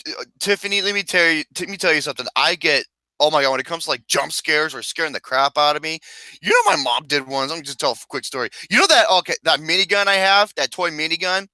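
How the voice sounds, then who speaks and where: A man hosting a casual movie chat podcast, loud and excitable, swearing and laughing often. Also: on the high side, fast talker, no echo. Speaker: podcast host.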